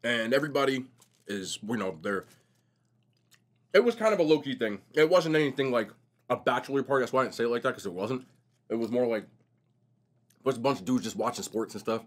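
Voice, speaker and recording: A young man vlogging casually while eating, telling stories in a slangy, animated way. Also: mid-range voice, fairly quick, long pauses. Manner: animated, slangy storytelling, says bro a lot. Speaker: mukbang vlogger.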